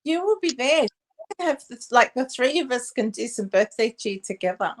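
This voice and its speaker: An encouraging woman co-hosts a holiday chat over a video call. Her voice is very high and lively, with wide swings in pitch. She cheers her partner on and chimes in warmly. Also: moderate pace. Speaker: co-host.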